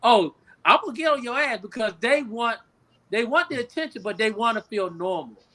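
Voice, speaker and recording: A male comedian co-hosting a podcast, talking with preachy, drawn-out emphasis and plenty of swearing. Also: very high-pitched, lively intonation, pushed and bright, slight background noise. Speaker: comedian co-host. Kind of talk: casual chat.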